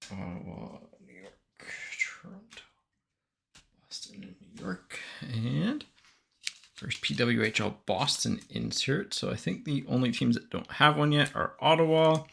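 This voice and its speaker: A man's voice: medium pitch, creaky, a little hiss or hum. A man hosting a card break, reading out player names and teams in a casual, self-correcting way with lots of fillers. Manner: reads out player names and teams in a steady list, with frequent "uh" fillers. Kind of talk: live card-opening commentary.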